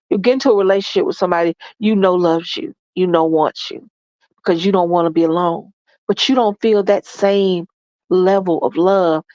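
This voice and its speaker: A woman's voice: fairly low pitch, darkish tone, dry recording, dull audio. A congested woman giving relationship advice in a folksy, preachy monologue, calling her listeners y'all and baby.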